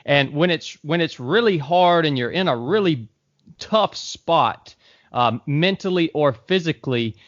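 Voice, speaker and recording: A male podcast host asks long, winding questions, stopping to restart and dropping "man" at the end of his lines. His voice is middle-pitched. It is recorded dry and a little dull, with no room sound. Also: a bit bright, no room sound. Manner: rambling questions with frequent restarts, says "man" often. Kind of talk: conversational podcast interview.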